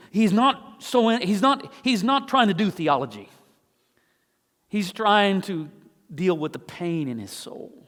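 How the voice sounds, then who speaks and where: A man's voice: sits high, long reverb tail. A male pastor preaching a sermon, earnestly reading scripture aloud with rising emotion. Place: church sanctuary.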